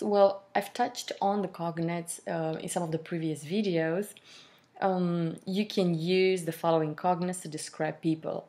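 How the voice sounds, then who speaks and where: Female French teacher, unhurried and methodical, slightly low voice. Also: darkish tone. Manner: slow, deliberate explanations, modelling French pronunciation with fillers. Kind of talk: language lesson.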